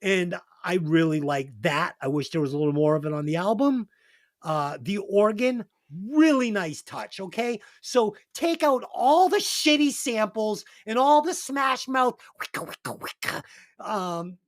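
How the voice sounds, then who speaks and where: A man's voice: high-pitched, animated, unhurried, no echo, studio quality. A man hosting a music podcast, telling stories in a profane, laughing, casual way. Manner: profane, laughing anecdote teller. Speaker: podcast host, album reviewer.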